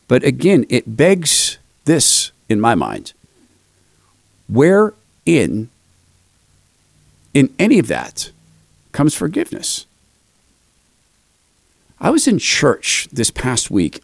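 Older guy hosting, gravelly voice, lively up and down pitch, dry close sound. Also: dry recording. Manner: animated storyteller, self-deprecating. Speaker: host commenting on clips. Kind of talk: commentary with personal storytelling.

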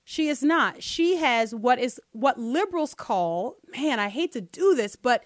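A woman hosting a podcast, talking through political commentary in an animated, rhetorical way. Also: on the high side, unhurried, no room sound, studio quality. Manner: animated, rhetorical, asks listeners to bear with her. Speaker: podcast host.

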